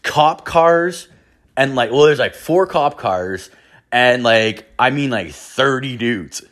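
A young man spins a story in a loose, rambling way, full of filler words and cursing. His voice sits at an everyday middle pitch for a man. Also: animated, takes it slowly, a bit bright. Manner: rambling, filler-heavy, profane. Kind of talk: casual anecdote telling.

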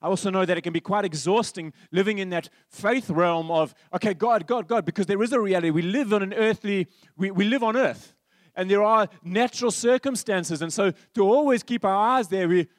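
High-voiced preacher. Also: male voice, brisk, no room sound, studio quality. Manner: storytelling, swings from animated to hushed. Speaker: pastor. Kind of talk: sermon.

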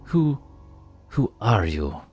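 Man, tabletop game player, very deep voice, lively pitch, blunt. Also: takes it slowly, soft background music. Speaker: player voicing his character. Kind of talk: in-character tabletop game talk.

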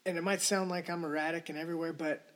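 A man's voice: on the high side, flat delivery, fast, fairly bright tone. A man hosting a podcast, delivering a rambling, indignant solo rant full of profanity. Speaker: podcast host. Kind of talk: ranting solo podcast monologue.

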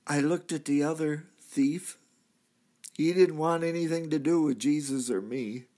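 A man's voice: fairly high pitch, a little slow, mellow, lightly acted. A man playing a repentant thief from the crucifixion, telling his story earnestly in a church drama monologue. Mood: solemn. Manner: earnest storytelling, swelling to cries at key moments. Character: repentant male thief, crucified, now redeemed.

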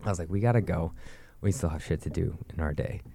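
A man's voice: low voice, fast talker, mellow, breathy edge. A young man telling a rambling, profane story in casual chat. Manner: profane, rambling, with frequent likes.

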